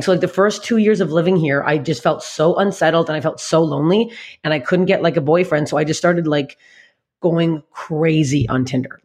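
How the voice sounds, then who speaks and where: A woman's voice: deep voice, darkish tone. A woman comedian in her late thirties, telling candid stories as a podcast guest, blunt and swearing constantly. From Canada.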